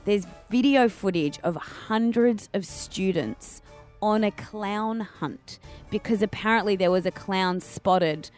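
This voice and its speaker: A woman's voice: mid-range voice, slow, a little mellow. A woman with an Australian accent co-hosting a radio show, chatting animatedly and laughing easily, with faint music behind. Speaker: radio co-host. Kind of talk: casual radio banter.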